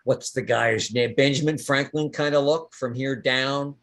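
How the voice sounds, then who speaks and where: A man's voice: mid-range voice, fairly even intonation, unhurried, vocal fry, fairly bright tone. A man narrating as game master of a tabletop game in a casual, rambling way.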